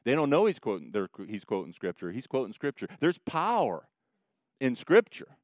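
A man's voice: mid-range voice, wildly swooping pitch, moderate pace, darkish tone, no room sound. A man preaching a sermon into a microphone in a conversational style with teasing asides. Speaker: pastor.

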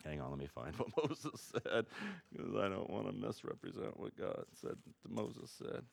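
A man preaching an informal, conversational sermon as pastor, rambling at times and rising to excited emphasis. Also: on the low side, moderate pace, vocal fry.

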